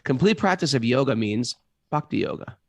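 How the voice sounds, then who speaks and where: Gravelly man in animated spiritual talk. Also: fairly quick, no echo, clean studio sound. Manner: animated, jumps into high mock voices for quoted catchphrases. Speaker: podcast co-host reading scripture.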